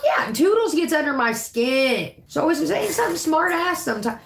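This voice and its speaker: A woman's voice: high voice, very animated, normal speed, creaky. A woman ranting casually on a livestream, brash, profane and combative. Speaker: livestreaming YouTuber.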